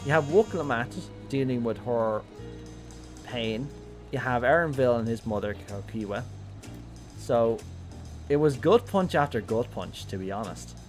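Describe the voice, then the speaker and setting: A man's voice: mid-range voice, animated, measured pace. A man streaming a game, talking candidly and emotionally, with casual swearing. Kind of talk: casual live-stream commentary. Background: game music.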